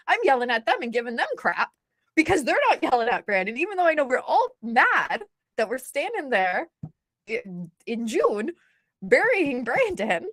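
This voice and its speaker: Candid woman in her thirties, emphatic storyteller, bright higher register with very lively pitch. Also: normal speed, no room sound. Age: 30s. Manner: animated, emphatic, blunt. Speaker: guest, author.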